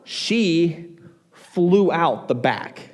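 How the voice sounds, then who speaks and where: A man preaching a sermon as pastor, talking in an animated, emphatic way with frequent restarts. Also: a little high, drawn-out words.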